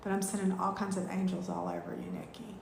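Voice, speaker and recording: A woman, teaching a live online spiritual class in a gushing, heartfelt way with drawn-out thank-yous. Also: mid-range voice, very animated, creaky, noisy background. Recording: echoey room.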